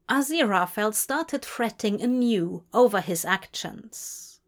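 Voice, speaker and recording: A woman reading a story aloud in a gentle, unhurried storytelling voice. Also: mid-range voice. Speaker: reader. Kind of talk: audiobook-style fan fiction reading.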